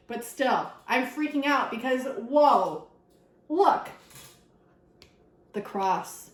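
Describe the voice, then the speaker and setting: Excitable, high-voiced woman tarot reader. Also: takes it slowly, echoey room, poor audio. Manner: excitable, swears freely, addresses viewers directly. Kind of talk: casual spiritual reading vlog.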